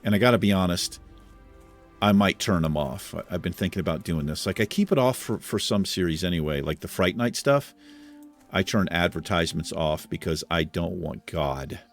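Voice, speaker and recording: A man's voice: low voice, normal speed, soft background music. A man hosting a video game let's play, giving laid-back commentary with casual swearing and chuckles. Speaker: host.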